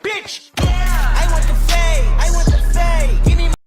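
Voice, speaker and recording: A loud, demanding woman from a meme clip, voiced by a woman, yelling in a piercingly high, shrill voice. Every word is dragged out very slowly, and faint music plays underneath. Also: fairly even intonation.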